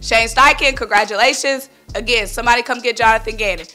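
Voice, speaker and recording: Philly woman ranting about football on her vlog, bright sharp voice, gets worked up, faint music behind. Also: fairly high pitch, fast. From Philadelphia. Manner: animated, worked-up, blunt, speaks to viewers as y'all. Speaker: sports vlogger. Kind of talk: casual sports opinion vlog.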